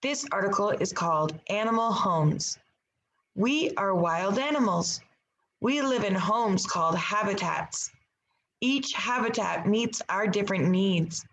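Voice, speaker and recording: A woman teacher reading a picture book aloud to her class, with expressive storybook delivery. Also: mid-range voice, a little slow, poor audio.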